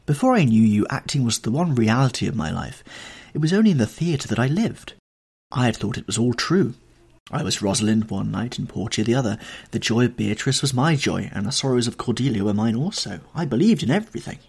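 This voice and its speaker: An ardent young actress speaks in a raised, lilting, lyrical voice, as a male reader puts her on. Her tone is husky and her pitch swings widely. She sounds carried away by her own words. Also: animated, brisk, darkish tone. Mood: rapturous.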